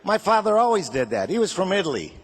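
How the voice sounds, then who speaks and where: A man's voice: high voice, sing-song, fast, slight background noise. An older man doing a stand-up comedy routine, firing off punchy one-liners and chuckling at his own jokes. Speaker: comedian and show host.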